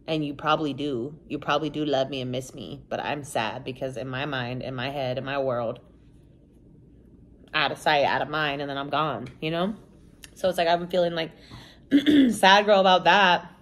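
A young woman vlogger with a fairly low voice chats casually to the camera. She rambles openly and swears now and then, leaning on "like" and "you know" as she talks. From United States. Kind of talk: casual confessional chat to camera.

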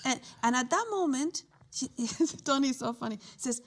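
A woman tells a story in casual chat with a fairly high voice. She is animated and laughs easily. She often restarts her sentences as she goes. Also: moderate pace. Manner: animated, acts out quoted voices. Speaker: co-host.

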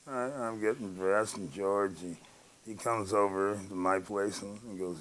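A man's voice: on the low side, measured pace, low-quality recording. A former ballplayer telling a rambling anecdote in an interview, acting out the dialogue as he goes. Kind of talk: storytelling interview.

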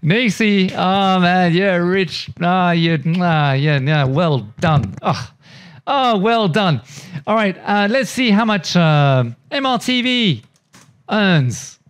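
Man, high voice, enthusiastic, rambling, repeats himself, casual YouTube host. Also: animated, slow pace, clear, resonant tone. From France. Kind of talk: casual commentary.

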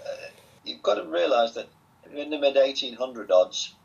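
A man's voice: medium pitch, expressive, moderate pace, gravelly. An older man from England with a Southwest Lancashire accent, telling stories as an interview guest in a chatty, wry way. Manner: chatty, wry, self-amused. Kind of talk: relaxed storytelling. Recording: dull lo-fi sound.

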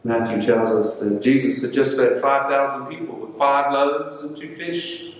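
A male pastor preaching a sermon, telling stories and acting out the voices in them. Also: mid-range voice. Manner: storytelling, acts out quoted voices. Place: church sanctuary. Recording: echoey church hall, mic at a distance.

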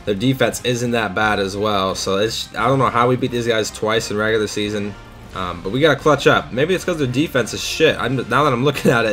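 A young man casually commentating his own football video game, swearing and shouting out loud at big plays. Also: lowish voice. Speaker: gaming YouTuber. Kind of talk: live gameplay commentary.

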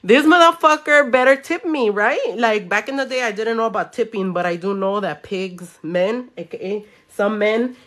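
Chatty nail artist telling a story. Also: female voice, mid-range voice, normal speed, hardly any pauses. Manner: animated, swearing, mixing in Spanish. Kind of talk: casual storytelling while doing nails. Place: home room.

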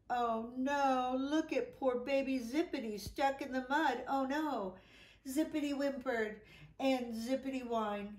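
A woman reads a children's picture book aloud, slow and sing-song, with bursts of exclamation. Her voice sits a little high. The room around her sounds echoey. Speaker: children's story reader.

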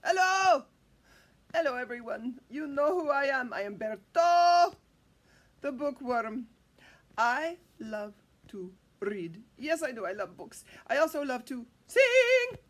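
A woman voicing a cheerful male bookworm puppet who talks in a loud, excitable, sing-song way. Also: high voice, takes it slowly, exaggerated voice. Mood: excited.

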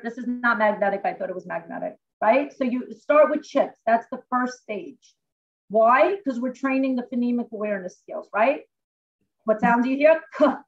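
A woman teacher talks from home over a video call, walking through a lesson step by step in a lively, chatty way. Her voice sits a little high, and the call audio comes through dull and lo-fi. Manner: animated, chatty, explains step by step. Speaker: classroom teacher. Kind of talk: informal teaching demonstration.

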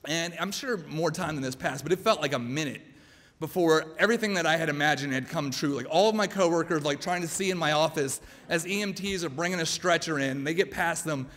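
A man's voice: fairly high pitch, fairly quick, a bit bright. A man in his thirties telling a true story on stage, in a chatty, self-mocking way full of "like". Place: church hall with live audience. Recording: long hall reverb, faint room noise.

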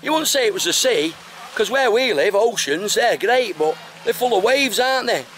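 A man's voice: high voice, lively intonation, moderate pace, fairly bright tone. An Englishman with an English accent chatting enthusiastically while filming a handheld travel vlog outdoors. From England. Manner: chatty, enthusiastic, keeps saying fantastic. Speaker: travel vlogger. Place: outdoors on a tropical island, beaches and roadside. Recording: noisy outdoor camera audio.

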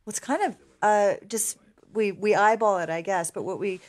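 A woman's voice: mid-range voice, moderate pace. A woman from Canada with a Canadian accent, a director speaking casually on a commentary in a thoughtful way, with many ums and restarts. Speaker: episode director.

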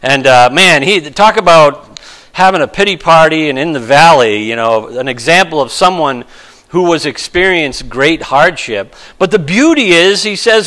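A male pastor giving a conversational sermon, lively and self-deprecating, acting out quotes with sudden shifts of voice. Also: on the high side, measured pace, rough recording.

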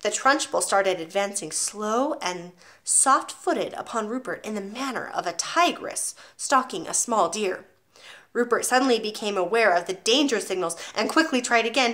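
A woman reading a children's novel aloud with expressive storytelling. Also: medium pitch, moderate pace. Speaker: audiobook reader.

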